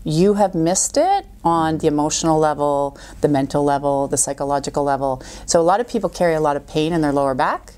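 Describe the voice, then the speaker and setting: A middle-aged woman appears as a guest coach in a podcast interview, speaking with a fairly low voice for a woman, a little fast and with few pauses. She tells stories animatedly, acting out what people said in little quoted voices.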